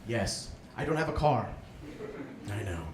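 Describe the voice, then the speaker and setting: A young man, a student, doing a self-deprecating stand-up comedy set and jumping into excited inner voices, in front of a laughing audience. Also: mid-range voice, measured pace. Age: young adult. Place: live comedy room with audience. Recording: echoey room with background noise.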